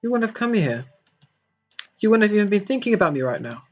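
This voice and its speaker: Man reading a gloomy teenage girl, soft, self-blaming, slightly high voice, game music behind. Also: sing-song, fast talker, muffled recording. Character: bubbly teenage girl hiding depression.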